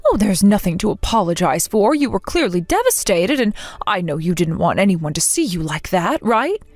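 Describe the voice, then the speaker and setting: A woman voicing a gentle, resilient middle-aged mother who speaks soothingly and reassuringly, in a dramatized text story. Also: mid-range voice, big pitch swings, moderate pace, no echo, faint music behind.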